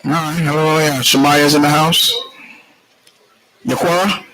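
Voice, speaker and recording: Here a man with a fairly high voice and fairly even intonation moves at a moderate pace through a casual roll call, teasing congregation members jovially and often saying hallelujah. The background is noisy, full of congregation voices and chatter in the indoor meeting room where the class takes place.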